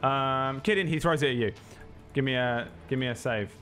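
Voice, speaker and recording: A man's voice: mid-range voice, moderate pace, a bit bright, soft background music. A man, narrating a tabletop game as game master in a rambling, joking way with many fillers.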